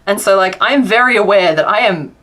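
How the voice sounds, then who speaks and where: An Australian woman chatting casually with viewers on a live crafting stream, talking in quick run-on sentences and laughing often. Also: mid-range voice, lively intonation, a bit bright. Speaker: crochet streamer.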